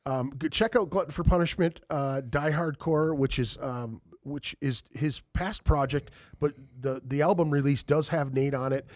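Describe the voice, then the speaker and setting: A man's voice: a little high, normal speed, hardly any pauses, no echo. A man hosting a podcast in casual chat, talking loosely with lots of swearing and fillers. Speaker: podcast host.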